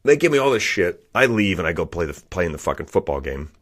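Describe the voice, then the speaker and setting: Lively low-voiced man telling a story. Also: fast. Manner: profane, animated storytelling with laughter. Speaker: guest comedian. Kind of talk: casual storytelling. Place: podcast studio.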